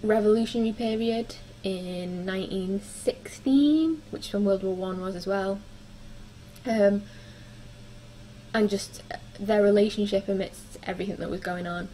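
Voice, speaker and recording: A woman's voice: mid-range voice, unhurried, warm tone, slight background noise, poor audio. Chatty young woman reviewing books. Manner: chatty, frequent ums and likes. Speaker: book vlogger. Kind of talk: casual book review chat.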